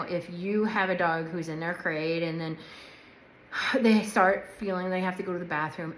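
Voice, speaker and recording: A woman's voice: on the low side, a bit bright, slight background noise. A woman dog trainer giving a casual instructional talk. She talks chattily and checks in often with "right?" and "okay?". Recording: echoey room.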